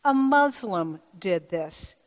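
A woman pastor giving a sermon in a church, telling stories in a gentle, measured way. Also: medium pitch, lively intonation. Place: church sanctuary. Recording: long church reverb.

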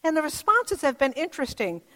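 A woman pastor giving a sermon in a church, telling stories in a gentle, measured way. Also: high voice, very animated. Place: church sanctuary. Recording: long church reverb.

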